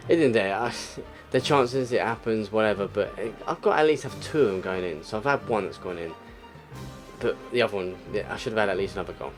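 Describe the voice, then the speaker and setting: A young man with a fairly low voice talks through his football video game match. He mutters, then breaks into exasperated outbursts. Soft game music plays faintly behind him. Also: quick pace. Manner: frustrated, exclamatory, swings between muttering and outbursts. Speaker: gaming YouTuber. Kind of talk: live gameplay commentary.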